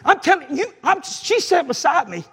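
A man, preaching an impassioned sermon and telling a personal story, shouting at the peaks. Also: very high voice, very animated, normal speed.

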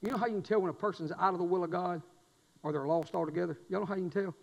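A man preaching a sermon, swinging from quiet, intimate stretches to loud emphatic peaks. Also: sits high, racing, gravelly, big-room sound, low-quality recording. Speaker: pastor. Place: church sanctuary.

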